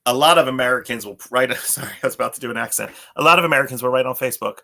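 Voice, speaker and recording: A man's voice: medium pitch, rapid-fire, vocal fry, sharp tone. A man in his thirties co-hosting a podcast, rambling in casual chat, often restarting his sentences and laughing. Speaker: podcast co-host.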